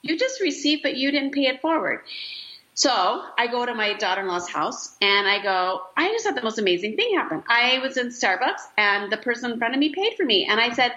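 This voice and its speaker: An older woman, a grandmother, telling a story on a podcast in a casual chatty way and acting out her own lines with a lively lift in her voice. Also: brisk, few pauses, lo-fi sound. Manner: animated, acts out her own lines in a higher voice. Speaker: podcast co-host.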